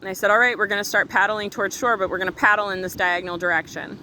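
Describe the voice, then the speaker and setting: A middle-aged woman telling a story to camera in an earnest, emotional, fast-running casual way. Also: mid-range voice, steady tone, bright, forceful tone, poor audio. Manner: earnest, emotional, talks fast with run-on retelling. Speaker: spiritual vlogger. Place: outdoors on a windy beach. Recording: wind and surf noise outdoors.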